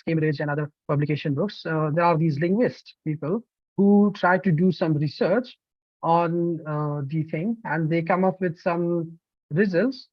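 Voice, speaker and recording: A man, a language-teaching trainer, presenting an online course in an animated, emphatic way with frequent fillers. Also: fairly high pitch, dry recording, lo-fi sound. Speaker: TEFL trainer.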